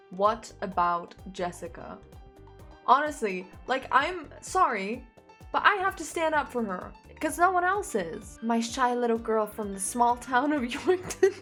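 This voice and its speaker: A young woman with a fairly high voice reads fanfiction aloud and keeps stopping to make sarcastic, animated jokes. Her giggles run through her commentary, and faint music plays underneath. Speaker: content creator.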